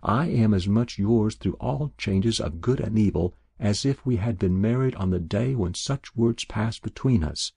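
Devoted young woman, earnest and tender, low gravelly read by a male narrator. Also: unhurried, hardly any pauses, dark tone, no room sound, studio quality, full character voice. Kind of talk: audiobook character voice.

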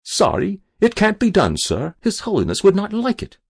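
A man's voice: sits high, wildly swooping pitch, normal speed, gravelly, husky, no room sound, clean studio sound, pitched above the performer's own voice, exaggerated voice. A man voicing a polite but unbending old male river keeper who answers in short, clipped replies. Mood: politely firm.

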